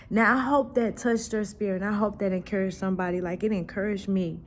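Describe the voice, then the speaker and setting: A woman hosting her own devotional vlog, telling a family story in an animated, prayerful and heartfelt way. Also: medium pitch, fairly quick, few pauses. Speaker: faith vlogger and host. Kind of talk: casual devotional chat.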